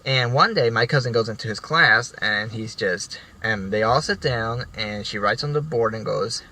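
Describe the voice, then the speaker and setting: A man's voice: mid-range voice, moderate pace, sharp tone, low-quality recording. A young man casually telling rambling stories from school, with frequent restarts and some swearing. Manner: rambling, profane, many restarts. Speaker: vlogger. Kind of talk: casual storytelling.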